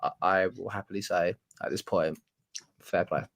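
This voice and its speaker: A man's voice: low-pitched, fairly even intonation, moderate pace, gravelly, a bit bright. A man co-hosting a live football podcast, chatting casually with lots of "like" and "mate". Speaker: podcast co-host. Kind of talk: casual live-stream chat.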